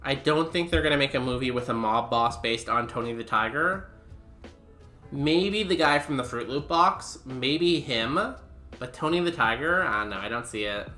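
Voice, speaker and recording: Young male streamer, rambling casual commentary, bright tone, roomy sound with music under it. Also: mid-range voice, moderate pace. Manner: rambling, filler-heavy chat with viewers.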